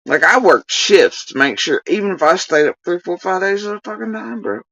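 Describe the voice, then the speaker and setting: A woman's voice: mid-range voice, a little fast, a bit bright, slightly rough, dry recording, recorded from a distance, highs cut off. A woman ranting heatedly on a livestream, swearing often as she vents. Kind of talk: livestream rant.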